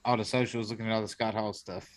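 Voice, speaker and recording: A man's voice: fairly low pitch, flat delivery, fast talker. A man joining a casual chat, easygoing and musing.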